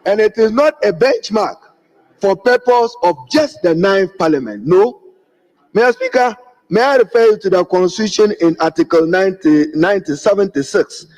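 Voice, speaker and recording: High-pitched Ghanaian MP in echoing chamber. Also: male voice, lively intonation, moderate pace, a little mellow. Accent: Ghanaian English. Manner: emphatic, repeatedly addressing the Speaker. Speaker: member of parliament. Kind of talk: parliamentary debate speech. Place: parliament chamber. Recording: dull lo-fi audio with long chamber reverb.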